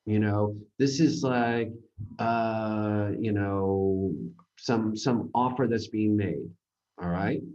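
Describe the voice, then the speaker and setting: A man teaching a grammar seminar, explaining with halting, rambling sentences full of restarts and fillers. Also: lowish voice, fairly even intonation, a little mellow, muffled recording. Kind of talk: recorded grammar seminar lecture.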